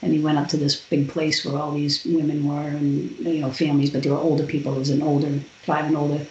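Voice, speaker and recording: Woman, podcast guest, animated storytelling, roomy dull sound. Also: deep voice, fast talker, a little hiss or hum. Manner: animated retelling with quoted voices. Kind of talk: personal storytelling.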